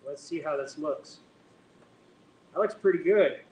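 A man's voice: normal speed, a little mellow, distant mic. A man co-hosting a live cooking demo, frying food and making wry, joking asides. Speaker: co-host cook. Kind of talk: casual live cooking chat. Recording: echoey room, speaking off-mic with faint rumble.

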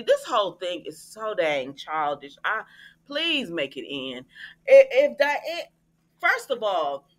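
A woman's voice: a little high, bright, forceful tone. A woman, recapping a soap opera in a chatty way and addressing her viewers with exasperated asides. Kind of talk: casual recap monologue.

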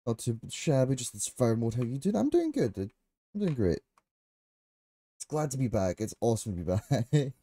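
A man's voice: medium pitch, normal speed, no echo. A man streaming a game live, chatting casually with his viewers, laughing often and swearing freely. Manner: excitable and chatty.

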